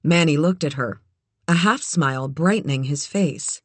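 Audiobook narrator, mid pitch, measured, dry close studio sound. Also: no echo. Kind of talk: scripted narration.

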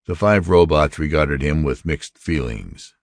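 A man reading a story aloud as narrator, measured and steady. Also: extremely low pitch, dry recording, studio quality. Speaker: audiobook narrator. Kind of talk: scripted narration.

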